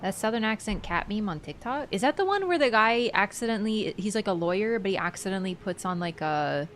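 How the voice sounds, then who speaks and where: A woman's voice: medium pitch, expressive, fairly quick, a little hiss or hum. A woman streaming a game, chatting casually with her viewers and laughing often. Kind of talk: casual live-stream chat.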